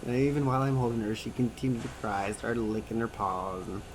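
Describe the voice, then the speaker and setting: A man voicing a signed personal story as an interpreter, animated and acting out the quotes and sounds. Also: mid-range voice, fairly quick, a little hiss or hum, rough recording. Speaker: sign-to-voice interpreter.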